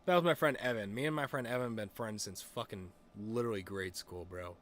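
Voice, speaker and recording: A man's voice: on the low side, brisk, slight background noise. A young man streaming and chatting casually, rambling with lots of fillers, restarts and swearing. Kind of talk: casual chat.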